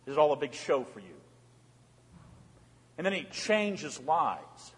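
A man's voice: a little high, lively intonation, measured pace, long pauses. A man preaching a sermon as pastor, emphatic, asking the congregation repeated rhetorical questions. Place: church sanctuary. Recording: long church reverb.

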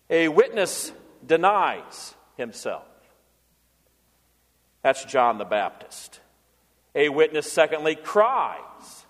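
A man's voice: fairly high pitch, big pitch swings, slow pace, long pauses, big-room sound. A man preaching a sermon as pastor, earnest, now and then acting out the voices of people he quotes.

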